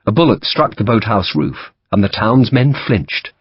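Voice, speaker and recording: Man narrating an audiobook with lively pitch. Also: a little slow, slightly rough, no room sound. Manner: lively storytelling, voices each character. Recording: dull dry audiobook recording.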